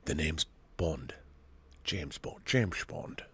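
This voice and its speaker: A man putting on a poor impression of a suave British male spy, low and clipped. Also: lively intonation, slow pace, husky, no room sound, clean studio sound, full character voice.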